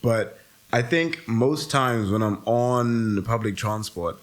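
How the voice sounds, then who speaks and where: A man co-hosting a casual podcast, rambling and correcting himself, quick to laugh. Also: medium pitch. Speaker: co-host.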